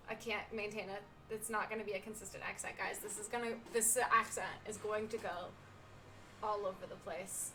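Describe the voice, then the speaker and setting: A woman's voice: mid-range voice, flat delivery, normal speed, pushed and bright, recorded from a distance, low-quality recording. A woman streaming a game live, chatting and rambling to her viewers. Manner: chatty, rambling, talks to chat. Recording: off-mic with game music.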